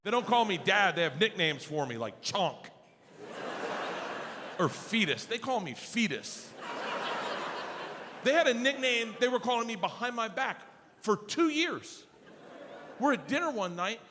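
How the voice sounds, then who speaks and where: Rowdy stand-up comic man, high lively voice. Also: a little slow, pauses often, very noisy. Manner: loud, animated, profane storytelling. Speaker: stand-up comedian. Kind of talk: stand-up comedy set. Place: comedy stage before a live audience.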